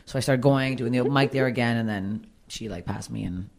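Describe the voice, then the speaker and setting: A woman comedian talking bluntly and swearing freely in a candid conversation, with a low voice. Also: fairly quick, gravelly, a little mellow. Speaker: comedian and podcast guest.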